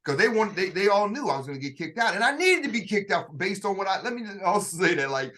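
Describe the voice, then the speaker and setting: A man with a somewhat high voice tells a story from his own life in relaxed conversation. He stops and restarts often, searches for words, and slips into the voices of the people he is quoting. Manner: halting, with frequent restarts and acted-out quotes. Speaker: author telling his story.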